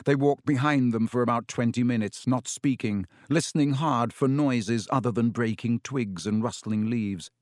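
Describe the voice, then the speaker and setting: A man reading a children's fantasy novel aloud as an audiobook narrator, steady, measured and suspenseful. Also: medium pitch, no echo, studio quality. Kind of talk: scripted storybook narration.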